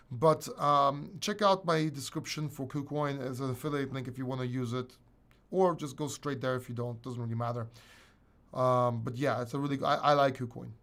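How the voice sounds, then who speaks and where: Gravelly blunt man answering chat. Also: mid-range voice, fairly bright tone. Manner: blunt, swears, rambling with restarts. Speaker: crypto YouTuber answering live chat. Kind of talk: casual livestream Q&A.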